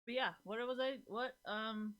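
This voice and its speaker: Bright-voiced woman, laughing casual chat. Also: on the high side, steady tone, normal speed. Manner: laughs often, swears freely, rambling.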